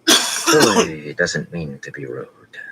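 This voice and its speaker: A man voicing a cool, imperious young noblewoman in an audiobook, with a slow honeyed drawl. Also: deep voice, big pitch swings, very noisy, voice pushed up, heavily acted.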